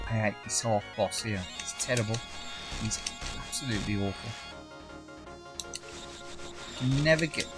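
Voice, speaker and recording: A man's voice: fairly low pitch, unhurried, long pauses, over loud music. A man with a Black Country accent, chatting casually with viewers while he plays a game on a livestream, trailing off and joking as he goes. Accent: Black Country English. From English Midlands. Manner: chatty, swears, drops into funny quoted voices. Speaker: livestream gamer. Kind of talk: casual chat while gaming, reading live chat.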